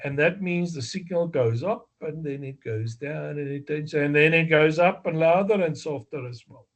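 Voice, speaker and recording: A man with a South African accent giving a slow, deliberate exam review lecture, explaining step by step with fillers and self-corrections. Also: fairly high pitch. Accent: South African English. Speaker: amateur radio exam instructor.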